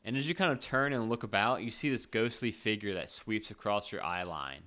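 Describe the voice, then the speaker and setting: A game master narrating a tabletop game in a relaxed, halting way, with fillers and laughs. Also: mid-range voice.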